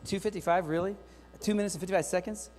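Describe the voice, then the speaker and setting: A fast-talking man with a voice that sits high delivers a lively keynote to teachers in a reverberant hall. He's energetic and joking, talking right to the crowd, while the recording carries long hall reverb and faint mains hum.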